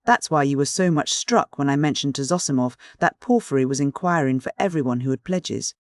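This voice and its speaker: A man doing a loud, excitable young friend. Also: medium pitch, brisk, no echo, studio quality, close to an everyday voice. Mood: excited. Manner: loud, eager, blurting.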